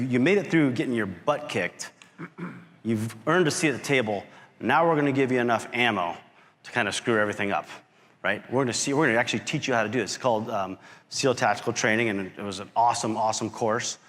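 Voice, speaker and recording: Animated male speaker in a reverberant hall. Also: mid-range voice, fairly quick. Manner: animated storyteller who acts out quotes and shouts. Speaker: keynote speaker, company founder. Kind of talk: motivational storytelling talk. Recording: long reverb of a large hall.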